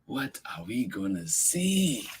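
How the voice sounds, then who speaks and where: A man's voice: mid-range voice, sing-song, takes it slowly, heavy background noise. A man hosting story time, reading a picture book aloud to children with lots of exclaiming and questions to the kids. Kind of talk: animated read-aloud for kids.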